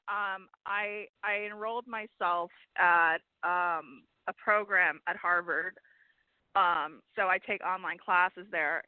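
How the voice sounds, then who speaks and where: A woman co-hosting a political talk radio show, bubbly and quick to laugh. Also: mid-range voice, no echo. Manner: bubbly, laughs often, many fillers. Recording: dry tinny phone line.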